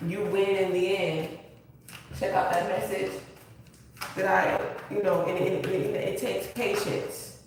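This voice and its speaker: Slow emotional tarot reader, super echoey room, mic kinda far off. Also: mid-range voice, level tone. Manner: earnest, repetitive, emotional. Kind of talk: spiritual tarot reading, casual. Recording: very echoey room, distant mic, faint hiss.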